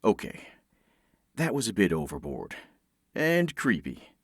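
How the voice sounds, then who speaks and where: A man's voice: on the low side, wildly swooping pitch, unhurried, breathy edge, no room sound, studio quality. A male narrator reading a first-person audiobook with a sardonic, exasperated edge.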